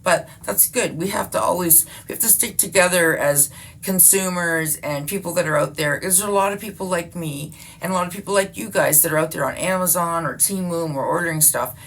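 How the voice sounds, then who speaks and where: A woman's voice: fairly low pitch, a little fast, fairly bright tone. A woman in her fifties chatting casually to her viewers, swearing freely and laughing often. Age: 50s. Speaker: vlogger. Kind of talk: casual rambling chat.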